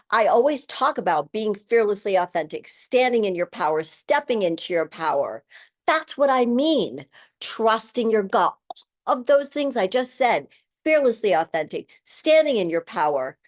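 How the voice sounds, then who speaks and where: A woman in her sixties hosting a podcast, talking candidly and emotionally, swearing freely and shifting her pace for emphasis. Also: medium pitch. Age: 60s. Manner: speeds up and slows down for emphasis. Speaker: podcast host. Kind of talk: personal monologue.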